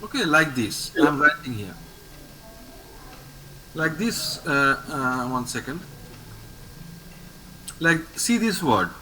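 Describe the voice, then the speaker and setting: A high, bright male voice with an Indian English accent, taking his time and repeating every word for a student. He talks in a lively, rising-and-falling way over a video call, with faint background noise. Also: poor audio. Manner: patient, repeats each word slowly for the student. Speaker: French teacher. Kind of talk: online language lesson.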